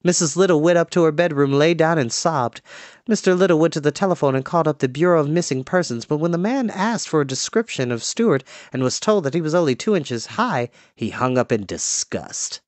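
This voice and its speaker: A storyteller reading a children's book aloud in an expressive, lively way. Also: mid-range voice, fairly quick, dry recording.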